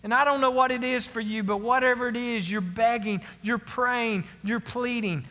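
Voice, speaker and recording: A man's voice: very high voice, fairly even intonation, moderate pace, few pauses, sharp tone, in a large hall. A man preaching a sermon to his congregation, earnest and emphatic, repeating his key phrases. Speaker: pastor.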